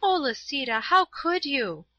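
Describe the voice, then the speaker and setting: Woman doing a sweet earnest schoolgirl, higher voice, bright and kinda dull-sounding audio. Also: animated, moderate pace, no room sound. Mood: eager, anxious. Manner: pleading, eager. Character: earnest pious schoolgirl, timid but kind. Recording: slightly dull, dry.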